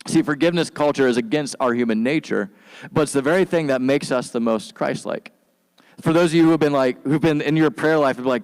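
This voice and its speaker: A male pastor preaching in a loose, conversational style, full of slang and asides. His voice sits at an ordinary pitch and carries a long reverb from a large hall. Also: smooth. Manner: relaxed and slangy, acts out quick voices for biblical figures. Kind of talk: casual conversational sermon.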